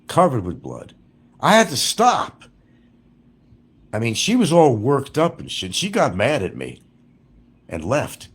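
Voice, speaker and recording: A man's voice: mid-range voice, huge pitch swings, moderate pace, breathy edge. A middle-aged man livestreaming, telling rambling, crude and profane stories about his past.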